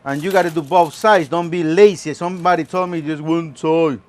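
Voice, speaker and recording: Playful cooking host. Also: male voice, on the high side, moderate pace. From Mexico. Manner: chatty, playful, animated. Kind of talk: casual cooking demonstration.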